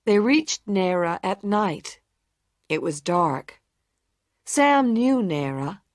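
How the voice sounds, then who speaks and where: A woman narrating a simple story for English learners, clear and deliberate. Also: mid-range voice, no echo, studio quality. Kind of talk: slow scripted story reading for English learners.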